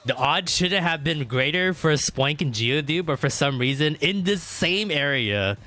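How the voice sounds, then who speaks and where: A male streamer with a bright, sharp voice chats loosely while he plays, piling up fillers and restarts and swearing freely. Every so often he breaks into loud, excited outbursts. Faint music plays underneath. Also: fairly high pitch, normal speed. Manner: bursts into loud excited exclamations. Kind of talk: casual livestream chat while gaming.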